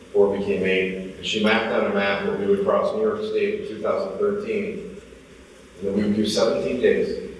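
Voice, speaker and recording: A man's voice: on the low side, far from the mic, a little hiss or hum. Man speaking in an echoey hall. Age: 40s. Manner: animated storyteller acting out dialogue. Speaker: motivational speaker. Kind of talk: storytelling keynote talk.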